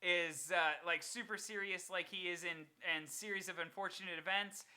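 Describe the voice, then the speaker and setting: Young male co-host, bright tone, loose rambling banter, forgets names. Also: high-pitched, fairly even intonation, moderate pace, smooth. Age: 20s. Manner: rambling, laughs often, searches for names. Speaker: podcast co-host. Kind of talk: casual chat.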